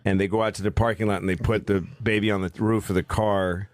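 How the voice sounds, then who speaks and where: A man's voice: fairly low pitch, flat delivery, quick pace, no room sound, clean studio sound. A man hosting a talk show, joking and retelling clips with animation. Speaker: radio host. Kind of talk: casual chat.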